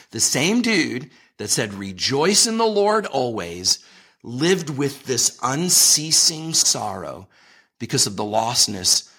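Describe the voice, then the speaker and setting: A man's voice: fairly low pitch, fairly bright tone, breathy edge. A man being interviewed as a ministry leader, speaking in an earnest, emphatic way and leaning on scripture as he builds his point. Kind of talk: impassioned conversational preaching.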